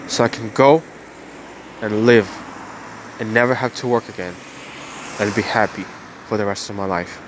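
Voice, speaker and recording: A man's voice: fairly low pitch, normal speed, pauses often, noisy background. Earnest young man venting to camera. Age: 20s. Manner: repetitive, earnest, restarts phrases. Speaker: vlogger. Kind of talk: emotional personal monologue.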